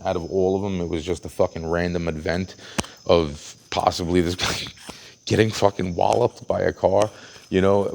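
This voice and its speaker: A man's voice: on the low side, mellow. A man telling a long story in a ranting monologue, swearing heavily, restarting his sentences and acting out quotes. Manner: heavy swearing, frequent restarts, acts out quotes. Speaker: vlogger. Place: outdoors at a train station at night.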